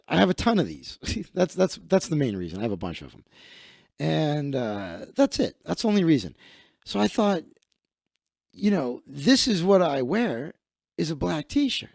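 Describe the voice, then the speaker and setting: A man hosts a comedy livestream, rambling and mocking himself in a casual monologue. His voice sits high and swings widely in pitch. He speaks close to a streaming mic in a dry room. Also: gravelly, darkish tone, no room sound. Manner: rambling, self-mocking, laughing at own jokes.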